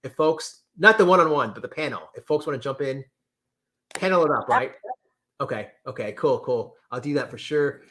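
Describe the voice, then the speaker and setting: A man hosting a casual livestream, reading chat comments with lively exclamations and repeated words. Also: mid-range voice, normal speed. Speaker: livestream host.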